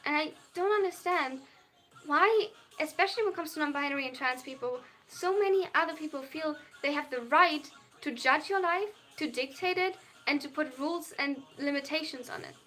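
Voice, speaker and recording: A young adult non-binary streamer with a German accent earnestly reads chat messages aloud on a live stream and answers them at length. Their voice sits high, with a sharp tone and moderate pace.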